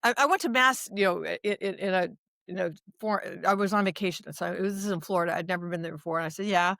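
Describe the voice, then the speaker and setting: A woman from the United States, a lawyer and advocate, answering interview questions in a lively storytelling way with many restarts. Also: on the low side, quick pace, gravelly, no room sound, studio quality. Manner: animated storyteller, acts out dialogue, many restarts. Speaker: guest, human rights advocate and lawyer.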